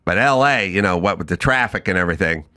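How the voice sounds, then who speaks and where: A man's voice: low voice, lively intonation, quick pace, sharp tone. A middle-aged man hosting a talk show, telling a comedic story and acting out both sides of the conversation. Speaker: podcast host.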